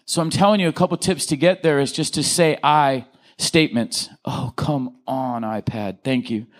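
A middle-aged man giving a conversational teaching talk, animated, acting out example phrases and checking in with his listeners. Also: medium pitch, normal speed. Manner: animated, acts out example quotes, checks in with the audience.

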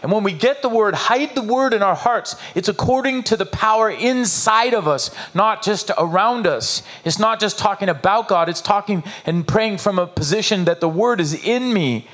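A man preaching a sermon as pastor, emphatic and animated, with repetitions and rhetorical questions to the congregation. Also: sits high, moderate pace, few pauses.

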